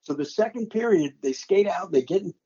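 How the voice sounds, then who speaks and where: A man's voice: high voice, animated, a little fast, mellow, slightly rough, lo-fi sound. An older male sportscaster telling the story of a game he called, dramatically re-enacting his own play-by-play. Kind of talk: animated storytelling interview.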